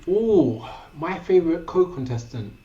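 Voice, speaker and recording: A man's voice: a little high, expressive, measured pace, dark tone. A young man, a professional speaker, talking casually as a podcast guest. He stumbles over his words and laughs often. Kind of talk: casual interview chat. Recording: roomy, dull lo-fi sound.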